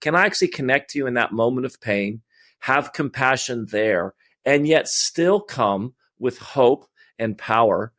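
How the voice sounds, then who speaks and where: A man's voice: mid-range voice, lively intonation, measured pace, a bit bright, no room sound, clean studio sound. A man hosting a casual faith conversation over a video call, reflective and questioning, stumbling over restarts. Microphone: computer microphone on a video call.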